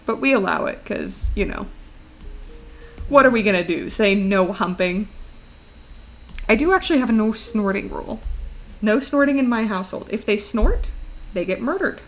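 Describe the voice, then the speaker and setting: A woman's voice: medium pitch, animated, normal speed, pauses often, faint music behind. A young woman streamer chatting casually while she draws, laughing often as she talks.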